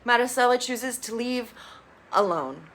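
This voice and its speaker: Woman, TV reviewer, casual recap, blunt, expressive, bright voice. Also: on the high side, unhurried. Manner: blunt, expressive, swears freely. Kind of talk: casual reality-show recap.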